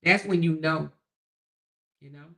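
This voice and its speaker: A woman's voice: low-pitched, measured pace, gravelly, bright, forceful tone. A middle-aged woman hosting a casual livestream, reading viewer comments in a folksy way, calling listeners baby and honey and chuckling often. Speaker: livestream host.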